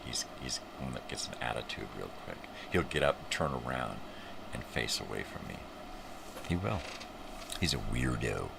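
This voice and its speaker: A man's voice: extremely low pitch, animated, moderate pace, creaky, noisy background. An older man hosting a rambling live morning show from home, joking loosely and chatting to his dog. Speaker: livestream host.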